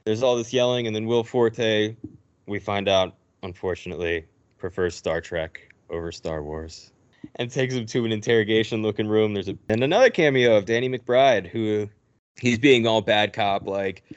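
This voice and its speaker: Brief: low-voiced male host, chatty film recap, dull lo-fi sound. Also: moderate pace. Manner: animated retelling, acting out characters' lines. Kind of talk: casual movie recap. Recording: dull lo-fi recording.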